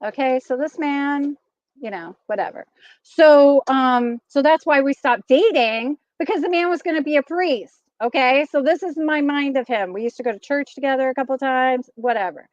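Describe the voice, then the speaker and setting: A woman's voice: sits high, moderate pace, no echo, dull audio. A middle-aged woman hosting a vlog, chatting casually and laughing often as she tells a story. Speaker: vlogger host.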